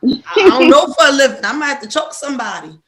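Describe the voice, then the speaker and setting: A hoarse woman in casual podcast chat with friends, telling stories in a lively way and acting out what others said. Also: high-pitched, fast talker. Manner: animated storyteller, acts out others' voices. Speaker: podcast co-host.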